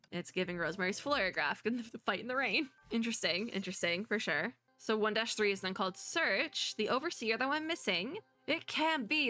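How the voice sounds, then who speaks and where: A young woman VTuber playing a story game, chatty and giggly, reading the dialogue aloud between her own excited asides. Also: medium pitch.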